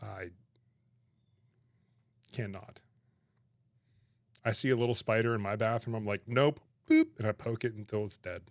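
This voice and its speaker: A man chatting on his livestream, animated and laughing, protesting in exaggerated disbelief. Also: fairly low pitch, normal speed, pauses often, no room sound, studio quality. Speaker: streamer reacting to chat. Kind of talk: casual livestream chat.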